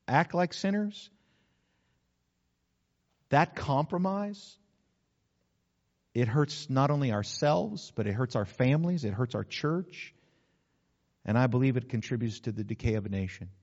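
A man, a pastor, preaching a sermon in an earnest way, slowing down to stress key words. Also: medium pitch, animated, a little mellow. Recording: slightly dull lo-fi sound.

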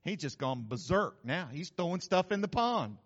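High-voiced folksy pastor in echoing hall. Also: male voice, moderate pace. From New Mexico. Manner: folksy, humorous, animated storytelling. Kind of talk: sermon. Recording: reverberant hall, slightly dull sound.

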